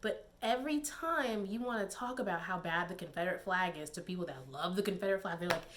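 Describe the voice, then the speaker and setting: A woman's voice: lowish voice, quick pace, background noise. Chatty young woman vlogging. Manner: animated, digressive, laughs often, many fillers. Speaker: YouTube commentator. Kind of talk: casual commentary vlog.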